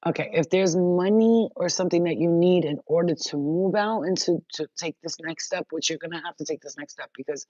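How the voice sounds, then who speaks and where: A woman's voice: fairly low pitch, a little fast, hardly any pauses, dark tone, no room sound. Blunt, profane woman channeler, lo-fi audio. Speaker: spiritual channeler. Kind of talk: casual live-stream chat.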